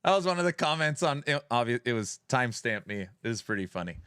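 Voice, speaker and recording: A man's voice: mid-range voice, animated, brisk, few pauses, fairly bright tone, clean tone, no room sound, clean studio sound. A man hosting a live stream in a playful, jokey way, greeting viewers by name as he reads the chat.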